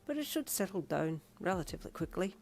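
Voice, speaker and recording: A woman's voice: lowish voice, big pitch swings, quick pace, gravelly, a little hiss or hum. A woman voicing a friendly, chatty male tattoo piercer with an Irish accent, in a fan fiction audiobook. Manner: loud, jovial, folksy.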